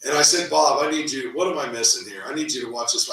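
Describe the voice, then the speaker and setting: A middle-aged real estate team owner, appearing as an interview guest, tells a story in a casual, lively way, repeating words and acting out quotes. His mid-range voice is bright and forward, and he talks at a quick pace. The recording was made in an echoey room with him positioned far from the mic.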